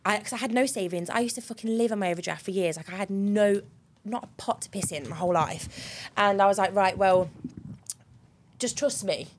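A woman's voice: mid-range voice, brisk, a little hiss or hum. Chatty young woman telling a story. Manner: chatty, animated storytelling with laughs and swearing. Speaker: podcast co-host. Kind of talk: casual chat.

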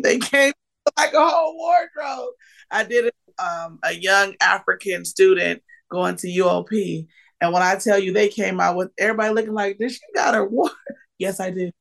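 Woman, 40s, podcast guest comedian: gravelly, laughing, excitable. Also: fairly low pitch, normal speed. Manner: lively and emotional, laughing often, with bursts of excitement. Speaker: guest, comedian and keynote speaker. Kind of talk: casual podcast interview.

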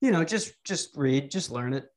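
A man's voice: a little high, animated, normal speed. Rambling casual man on a podcast. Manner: rambling, joking, frequent restarts. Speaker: podcast host. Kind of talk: casual crude podcast chat. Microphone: remote call mic.

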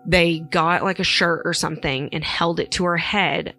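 A woman's voice: lowish voice, fairly even intonation, moderate pace, creaky, bright, forceful tone, soft background music. A woman co-hosting a podcast, casually retelling paranormal stories in a rambling way with many fillers. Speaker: podcast co-host. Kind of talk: casual chat, storytelling.

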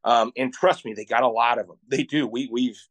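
Man from Iowa, podcast guest, excitable storyteller, laughs a lot, average pitch. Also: a little fast. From Iowa, USA. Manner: animated, excitable storyteller who laughs often. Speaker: podcast guest, Iowa travel show creator. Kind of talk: casual interview storytelling.

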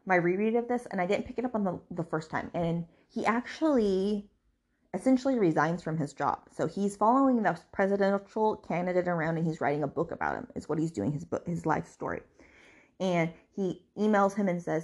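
A woman's voice: on the low side, expressive, a little fast, darkish tone. A woman hosting a podcast, retelling a novel in a casual, chatty way that rambles, with frequent fillers and restarts. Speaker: podcast host. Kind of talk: casual book recap.

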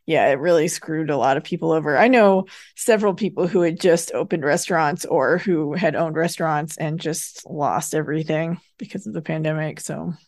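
A woman's voice: deep voice, normal speed, few pauses, a little mellow. A woman co-hosting a podcast, talking in a chatty, conversational way while recapping a show. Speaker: podcast co-host. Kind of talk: casual recap chat.

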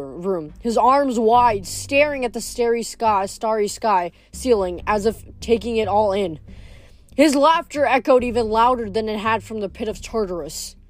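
A woman with a voice on the high side reads a novel aloud, narrating steadily but occasionally stumbling over a word.

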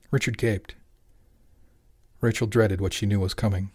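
A man narrating an audiobook in an even, measured storytelling voice. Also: lowish voice.

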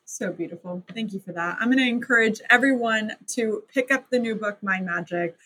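A woman hosting a podcast interview, effusive and quick to laugh. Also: mid-range voice, husky, low-quality recording. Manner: warm, effusive, laughs often. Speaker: podcast host.

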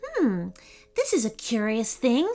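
A woman voicing a young, curious mermaid girl who speaks softly and innocently. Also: a little high, huge pitch swings, slow, soft background music, exaggerated voice. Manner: soft, hushed, innocent.

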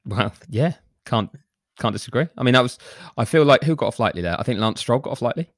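A man's voice: medium pitch, animated, fast talker, no echo. A man co-hosting a casual chat podcast, teasing his friends in a dry way. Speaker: podcast co-host.

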